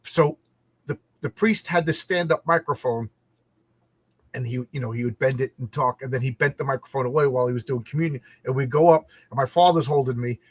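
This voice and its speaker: Animated man telling stories, dry close mic. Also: mid-range voice, fairly quick, no echo. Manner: animated, laughing, repeats words when starting sentences. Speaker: podcast host. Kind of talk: casual storytelling chat.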